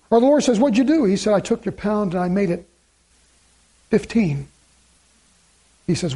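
A male pastor with a high-pitched voice delivers a sermon. He reads scripture aloud and builds to emphatic, repeated phrases. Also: lively intonation, moderate pace, pauses often, warm tone, husky. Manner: preaching with rising emphatic repetition.

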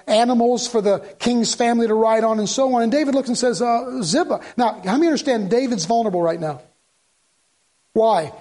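A man's voice: very high voice, darkish tone. A middle-aged pastor preaching a sermon, telling a Bible story and acting out its dialogue, often repeating and restarting his words.

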